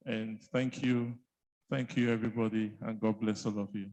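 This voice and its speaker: A man's voice: on the low side, flat delivery, moderate pace, a little mellow, dull audio. A man with a Nigerian accent giving an earnest, heartfelt public speech as health commissioner at a conference. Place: conference hall.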